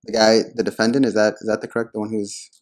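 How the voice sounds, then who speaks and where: A man's voice: fairly low pitch, level tone, quick pace. A man telling a story in casual podcast chat, hesitant and full of fillers.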